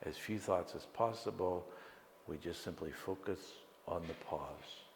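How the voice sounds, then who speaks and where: A meditation teacher with a very deep voice guides a slow, calm lecture, pausing between phrases. His words ring through an echoey hall with a long reverb tail, over faint room ambience and some background noise.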